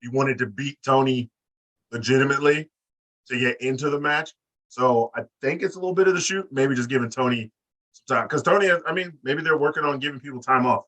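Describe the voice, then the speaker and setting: A man's voice: medium pitch, brisk, fairly bright tone, recorded from a distance. A man co-hosting a casual wrestling podcast who talks in a profane, mocking way and does voices when he retells scenes. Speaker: podcast co-host.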